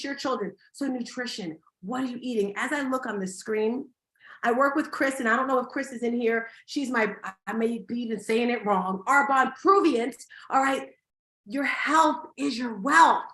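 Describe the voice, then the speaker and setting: High-voiced, energetic woman motivational speaker. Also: moderate pace. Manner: energetic, emphatic, bursts of loud excitement. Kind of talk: live motivational talk to an audience. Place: event hall. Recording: echoey hall.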